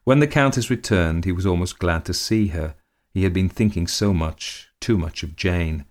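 A man narrates an old short story in a very low, deep voice. His telling is measured and unhurried. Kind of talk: reading a classic short story.

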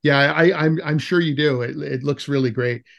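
A man's voice: a little high, normal speed, vocal fry, lo-fi sound. A man hosting an interview podcast, chatting casually and telling stories with frequent laughs. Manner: laughs often, animated when retelling stories. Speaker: podcast host interviewing an educator. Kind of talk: casual conversational storytelling.

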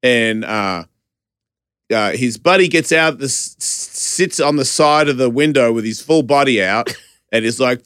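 Animated man telling a wild story. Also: mid-range voice, unhurried, clear, resonant tone, no echo, clean studio sound. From Australia. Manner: animated, profane, laughing storyteller. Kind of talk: casual storytelling chat.

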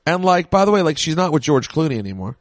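A man's voice: fairly high pitch, big pitch swings, fast talker, dry recording. A man co-hosting a podcast, chatting casually and jokingly while watching an old wrestling match, with rambling asides. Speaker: podcast co-host.

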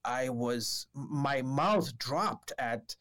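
A man's voice: lively intonation, extremely slow, a bit bright. A man, a television reporter, telling a story in a casual podcast chat, with lots of fillers and restarts, and acting out the people he quotes. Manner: acts out quoted exchanges with raised pitch.

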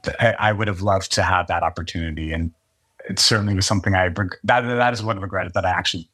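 A man in his forties guesting on a podcast in casual chat, earnest and quick to laugh. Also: sits low, steady tone, sharp tone.

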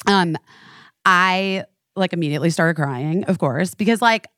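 A young adult woman telling a story in casual chat, profane and animated, acting out the lines of the people in it. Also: lowish voice, a little slow, no echo, studio quality. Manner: profane, animated, acts out quoted dialogue. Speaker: storyteller on a talk show.

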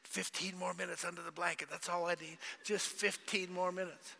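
A male pastor delivers a sermon with a bright, cutting edge to his gravelly voice. He swings from loud, dramatic cries to hushed whispers. The sound carries with a long reverb through a church sanctuary. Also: high-pitched, little pitch movement, normal speed. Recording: long reverb of a large hall.

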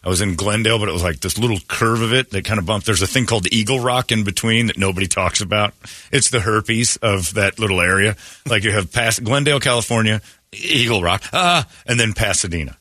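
A man's voice: lowish voice, brisk, sharp tone, dry recording, clean studio sound. A man hosting a morning radio show, ranting with sarcastic, opinionated jabs. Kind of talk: casual morning radio rant.

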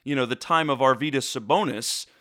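A man's voice: mid-range voice, a little fast, sharp tone, no echo, studio quality. A man talking basketball in a loose, rambling casual chat, full of "you know" fillers. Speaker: basketball talk co-host.

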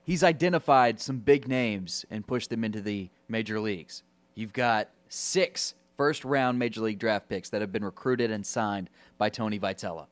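A man's voice: on the low side, moderate pace, dry recording. A man co-hosting a sports talk show, confident and emphatic, building up points with lists of names. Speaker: sports radio co-host. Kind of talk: casual sports chat.

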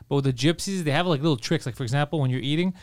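Fast-talking brash man telling stories. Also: a little high, a little mellow, no room sound. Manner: brash, profane storytelling with acted-out quotes. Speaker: podcast host. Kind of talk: casual podcast chat.

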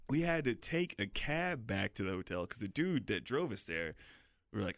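A man's voice: mid-range voice, expressive, normal speed, a bit bright, no room sound, studio quality. A man, a comedian, telling a crude rambling anecdote in casual podcast chat.

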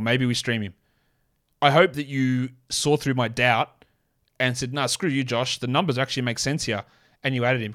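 Guy rattling off sports stats, blunt and sarcastic, mid-pitched voice. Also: fairly bright tone. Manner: blunt, sarcastic, rapid-fire stat reading. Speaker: podcast host. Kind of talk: casual sports stats commentary.

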